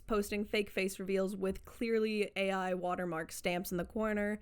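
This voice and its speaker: A woman's voice: medium pitch, steady tone, normal speed, hardly any pauses, clear, resonant tone. A woman narrating a casual commentary video essay, chatty and digressive with playful sarcasm. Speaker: commentary YouTuber.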